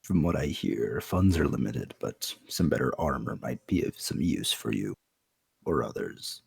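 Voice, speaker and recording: A man voicing a guarded young male adventurer in a tabletop game, speaking low and measured. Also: animated, vocal fry, a little mellow, slightly rough, no room sound, clean studio sound, exaggerated voice.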